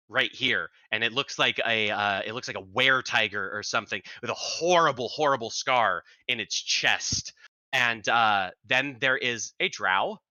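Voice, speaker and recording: A man narrating as game master in an animated, descriptive way. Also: mid-range voice, no room sound.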